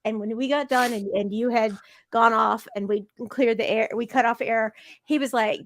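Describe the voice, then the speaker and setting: A woman with a fairly high voice tells stories in a gushing, animated rush, stumbling over herself and starting again. The sound is dry and close, with no room around it. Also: normal speed, dry recording. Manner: gushing, animated storyteller with many restarts. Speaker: podcast guest, fellow show host. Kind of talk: casual conversation.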